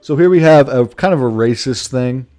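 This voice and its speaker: Rambling and joking during a video game stream, this man swears freely and calls people "man" in his casual let's-play commentary. He speaks at a normal speed in a mellow, mid-range voice.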